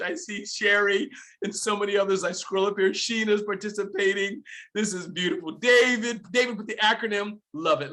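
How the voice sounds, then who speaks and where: A middle-aged man giving an energetic webinar talk, exclamatory and animated, swinging between loud bursts and soft asides. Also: high-pitched. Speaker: guest speaker.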